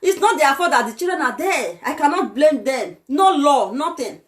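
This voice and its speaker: A woman's voice: sits high, animated, normal speed. A young Nigerian woman with a Nigerian accent, delivering a heated, scolding vlog rant full of exclamations. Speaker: vlogger. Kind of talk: ranting vlog monologue.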